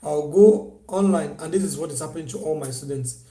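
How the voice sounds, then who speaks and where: A man's voice: a little high, brisk, warm tone. A man hosting a casual live stream, coaching viewers on online selling in a repetitive, persuasive way. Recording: echoey room.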